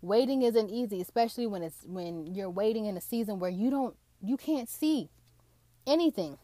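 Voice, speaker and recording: A woman's voice: mid-range voice, moderate pace, no room sound. A young woman telling a personal faith testimony in a casual, emotional way, often saying "like". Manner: emotional, excited, fills with "like".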